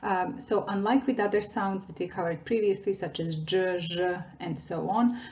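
A woman teaching a language lesson, patiently explaining mouth positions and demonstrating sounds slowly. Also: fairly low pitch, fairly even intonation, darkish tone, lo-fi sound, a little hiss or hum.

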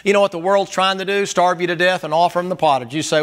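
High, bright-voiced preacher man. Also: fairly quick, hardly any pauses. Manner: loud, emphatic, hollering at times. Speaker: pastor. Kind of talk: sermon.

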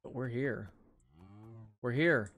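A man's voice: medium pitch, takes it slowly, a bit bright. A man casually commenting as he plays a video game, chatting to himself and to the animals on screen, with a sore jaw from dental work. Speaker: gaming channel host. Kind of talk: casual let's play commentary.

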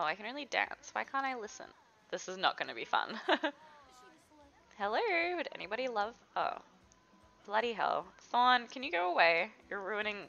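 Young female let's-play host, lively up-and-down delivery, bright edge, slightly dull lo-fi mic. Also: mid-range voice, creaky. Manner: chatty, giggly, talks to her game characters. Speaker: gaming video host. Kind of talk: casual let's-play commentary.

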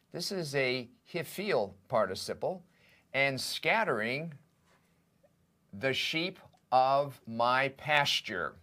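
A man teaching a seminary lesson, translating a Hebrew text word by word in a deliberate, methodical way. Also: mid-range voice, fairly bright tone. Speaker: seminary professor. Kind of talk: lecture on biblical Hebrew.

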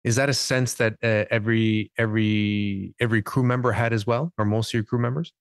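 Halting male podcast host, dry sound. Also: lowish voice, fairly even intonation, creaky, no echo. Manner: halting, repeats words when framing questions. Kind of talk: conversational interviewing.

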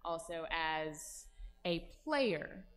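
A woman's voice: sits low, animated, drawn-out words, a bit bright, a little hiss or hum. A woman speaking as a convention panelist in casual discussion, explaining and laughing often. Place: large convention hall.

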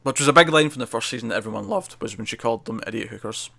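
A man's voice: mid-range voice, expressive, very fast, vocal fry, bright, forceful tone. A man co-hosting a TV review podcast, animatedly retelling scenes and laughing often in casual chat.

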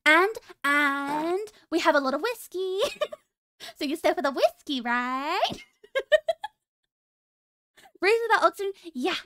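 A young woman streams and chats with her viewers in a playful, teasing tone, breaking into giggles often. Her voice sits very high. The sound is dry and close, with no room around it. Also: lively intonation, slow, pauses often, pushed and bright, no echo. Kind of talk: casual stream chat.

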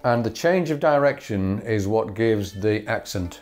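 A man teaching fiddle bowing in a relaxed way, pausing with ums and humming rhythms as syllables. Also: lowish voice, over loud music. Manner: thinking aloud with frequent ums, sings bowing rhythms as syllables. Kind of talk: relaxed instructional talk.

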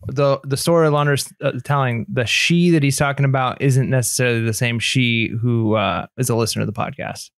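A man's voice: medium pitch, fairly even intonation, a little fast, vocal fry, few pauses, no room sound, studio quality. A man co-hosting a podcast, cutting in to clarify the story for listeners. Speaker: podcast co-host. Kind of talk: casual podcast chat.

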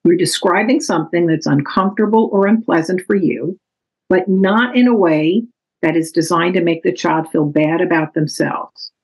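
Calm, measured woman teaching. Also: on the low side, slightly rough, low-quality recording. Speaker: author presenting her parenting book. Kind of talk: recorded talk explaining parenting strategies.

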